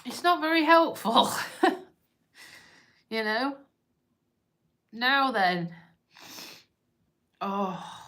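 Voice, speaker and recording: Slow-talking tearful woman vlogger. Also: a little high, animated, a bit bright. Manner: tearful, rambling and self-interrupting. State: crying on and off. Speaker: vlogger hosting a live stream. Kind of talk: emotional casual live-stream chat.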